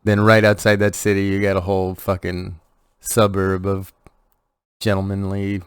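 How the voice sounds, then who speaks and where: A man's voice: low-pitched, completely flat delivery, moderate pace, clean tone, no room sound, studio quality. A man from Texas co-hosting a podcast, chatting casually with crude, profane jokes. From Rio Grande Valley, Texas. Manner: crude, joking, swears often. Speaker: podcast co-host.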